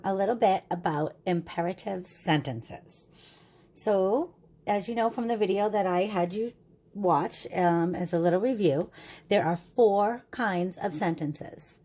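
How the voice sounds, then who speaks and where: A woman's voice: fairly low pitch, a little mellow. A woman teacher giving a recorded grammar lesson to young children, upbeat and patient, with a sing-song voice that keeps checking in with "right?".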